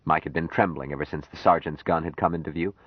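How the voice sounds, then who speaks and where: A man reading a novel aloud as an audiobook narrator, steady and measured. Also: rumbling low, husky, no echo, highs cut off.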